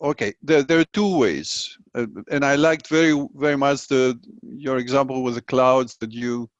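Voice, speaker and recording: A man asking questions in a spiritual group discussion, halting and searching for words. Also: medium pitch, dry recording, muffled recording. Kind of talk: casual discussion.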